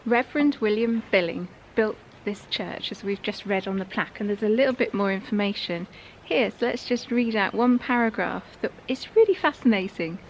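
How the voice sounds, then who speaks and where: A woman's voice: mid-range voice, slight background noise, rough recording. A woman co-hosting a walking vlog, chatting casually and giggling as she goes. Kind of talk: casual chat on a walk. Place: outdoors on a coastal walk.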